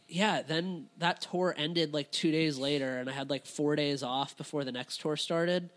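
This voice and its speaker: A man in casual podcast chat telling a rambling story, animated and swearing, laughing as he talks. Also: fairly high pitch, moderate pace, hardly any pauses. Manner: animated, laughs through his own stories, swears.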